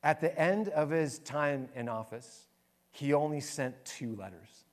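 A man with a notably high voice preaches a sermon as a pastor. He tells his stories in an animated way, rising into lively bursts and then dropping to soft, hushed passages. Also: measured pace.

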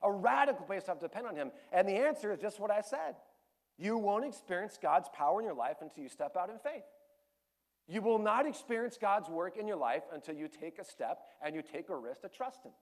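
In his sermon, a pastor with a high, very animated voice tells a personal story with candor and emotion at a fairly quick pace. He sinks to a hush before building back up animatedly.

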